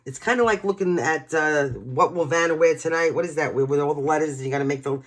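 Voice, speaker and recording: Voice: medium pitch, fast. A tarot reader from New York giving a casual, emotional reading straight to the viewers in a chatty way.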